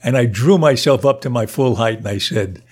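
Older male guest, animated storyteller, laughs through anecdotes, mid-range voice. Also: medium pitch, normal speed.

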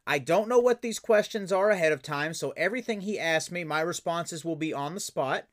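Upbeat, slightly high-voiced male host. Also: brisk. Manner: enthusiastic, animated storyteller. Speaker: podcast host and voice actor. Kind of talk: casual interview chat.

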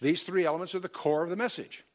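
Guy teaching bible study, kinda high voice, emphatic, lots of uh and restarts. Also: steady tone, fast. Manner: emphatic, quotes scripture in King James wording; many fillers and self-corrections.

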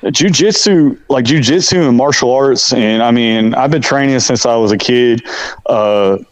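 A man's voice: mid-range voice, moderate pace, no echo, poor audio. A man in his forties, a podcast guest, talking in a brash, profane, boastful way in casual chat.

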